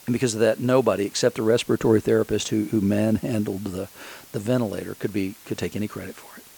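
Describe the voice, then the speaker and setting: Low, gravelly-voiced male preacher. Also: steady tone, fast, a little mellow, poor audio. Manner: conversational storytelling with frequent restarts. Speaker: pastor. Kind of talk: sermon.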